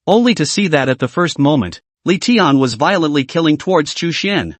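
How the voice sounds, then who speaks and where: A man reading a scripted story recap as narrator, in an even storytelling manner. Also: a little high, normal speed, few pauses, dry recording.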